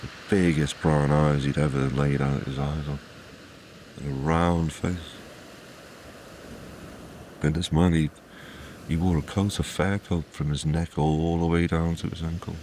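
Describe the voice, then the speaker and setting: A man with an extremely deep voice tells a folk tale at an easy, conversational pace. He repeats phrases for effect and drops in little asides, with faint noise underneath. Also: little pitch movement, normal speed, long pauses, darkish tone. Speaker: storyteller. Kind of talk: oral folk-tale storytelling.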